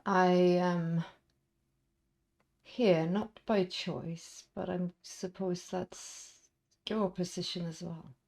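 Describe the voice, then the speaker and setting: Figure: cold, formal male crime boss, voiced by a woman. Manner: slow, measured. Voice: low, gravelly. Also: fairly even intonation, darkish tone, exaggerated voice.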